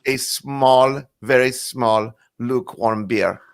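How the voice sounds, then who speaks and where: A man's voice: medium pitch, slow, clean tone. A man doing a curt fake-German waiter. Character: gruff male waiter with a fake German accent.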